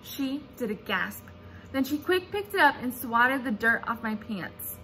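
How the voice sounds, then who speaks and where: A woman reading a children's chapter book aloud in an animated, expressive storytelling manner. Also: on the high side, unhurried, a little hiss or hum. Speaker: reader.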